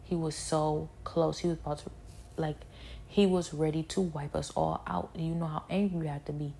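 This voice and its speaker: A woman giving a spoken personal testimony, halting and repetitive, with many fillers. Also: low voice, fairly even intonation, dark tone, a little hiss or hum.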